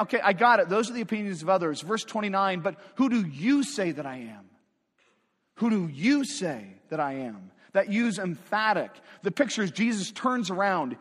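Man, pastor, sermon, emphatic conversational preaching, rhetorical questions, high voice, long hall reverb. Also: a bit bright.

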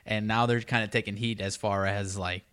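A man with a somewhat low voice chats casually about sports on a podcast. He rambles along, leaning on fillers as he goes. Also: little pitch movement, normal speed, a bit bright, clear, resonant tone. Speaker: podcast co-host.

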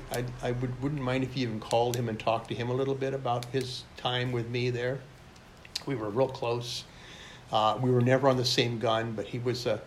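An older veteran, mid-pitched, tells his service stories in a loose, rambling way, often restarting his sentences. He talks bluntly and plainly. A faint hiss sits under the recording. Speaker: military veteran interviewee. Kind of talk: oral history storytelling.

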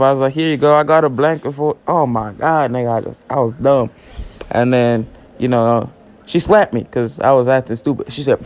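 Brief: late-teens male podcaster, loose joking monologue full of slang, mid-range pitch. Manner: rambling, joking, heavy slang and cussing. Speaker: podcast host. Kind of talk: casual solo podcast monologue.

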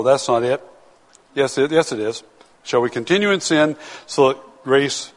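A man with a high voice preaches a Sunday sermon in a church sanctuary. He is earnest and emphatic and slows his pace to read scripture aloud. Long reverb from the hall trails after each phrase. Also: a bit bright. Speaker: pastor.

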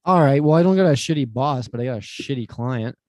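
Man, podcast guest, casual, foul-mouthed, animated storyteller, mid pitch, dry sound. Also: fast talker, no room sound.

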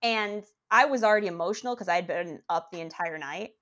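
A young woman telling a long personal story as a guest, animated and rambling, with lots of restarts. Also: on the low side, a little fast. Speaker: podcast guest. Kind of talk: casual storytelling.

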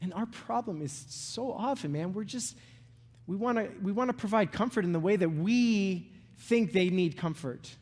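Middle-aged male pastor, casual sermon delivery, slightly high voice, big church reverb, keeps asking "right?". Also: lively intonation, normal speed, a little mellow. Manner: conversational, asks "right?" and "okay?" often; repeats words and restarts phrases. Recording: long reverb of a large hall.

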